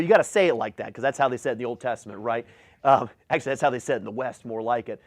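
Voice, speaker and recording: A man's voice: a little high, dry recording. Emphatic man preaching a sermon. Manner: emphatic preaching, reads scripture aloud with rising force. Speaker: pastor.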